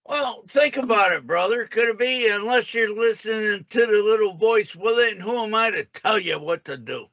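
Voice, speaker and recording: A man's voice: high voice, moderate pace, hardly any pauses, a bit bright, muffled recording. A man on a voice call, arguing combatively and cutting in with repeated insults. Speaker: caller on a group call. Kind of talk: heated argument on a voice call.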